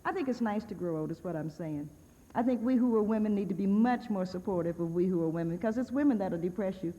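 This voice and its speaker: A woman's voice: mid-range voice, quick pace, warm tone. A woman giving a humorous lecture from a podium at a university, wry and sardonic in a conversational way, often breaking into laughter. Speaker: guest speaker at a university. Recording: archival lecture recording with long hall reverb, dull and lo-fi.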